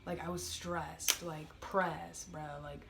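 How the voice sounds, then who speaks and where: Chatty low-voiced young woman vlogging. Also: little pitch movement, takes it slowly, gravelly, loud music behind the voice. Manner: chatty, filler-heavy, exasperated. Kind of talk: casual storytime vlog.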